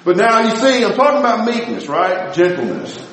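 A man preaching a sermon in a church, folksy and animated, dropping to soft low tones for emphasis. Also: brisk.

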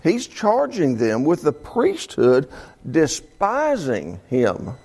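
A man's voice: fairly high pitch, wildly swooping pitch, slow pace, vocal fry, darkish tone, breathy edge. A man teaching a Bible class in a conversational way, often restarting his sentences.

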